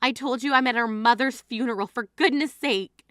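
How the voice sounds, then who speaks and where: A woman's voice: fairly high pitch, moderate pace, fairly bright tone, no echo, clean studio sound, lightly acted. A woman voicing a grieving adult sister who scolds her sibling in an exasperated, indignant way, in a dramatized text-message story.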